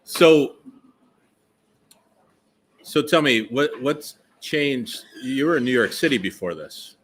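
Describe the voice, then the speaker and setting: Bright-voiced man hosting an interview. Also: mid-range voice, animated, slow, rough recording. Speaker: interviewer host. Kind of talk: casual interview. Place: indoor meadery bar.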